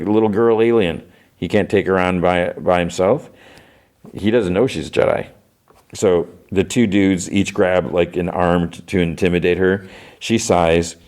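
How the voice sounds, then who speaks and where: A podcast host with a very low voice retells a show scene by scene. He talks casually and rambles, leaning on fillers and "he's like". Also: darkish tone. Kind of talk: casual episode recap.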